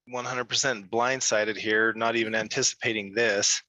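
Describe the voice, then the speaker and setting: A man's voice: on the low side, fairly even intonation, moderate pace, bright, forceful tone, no room sound, poor audio. A man speaking on a casual group video call, thanking the group with heartfelt words. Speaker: community member.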